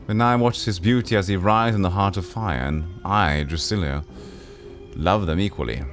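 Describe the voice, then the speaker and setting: A man's voice: sits low, normal speed, faint music behind, close to an everyday voice. A man voicing a despairing, sardonic aging woman who turns frantic and pleading, read from a game. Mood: mournful. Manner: wistful, then frantic and pleading.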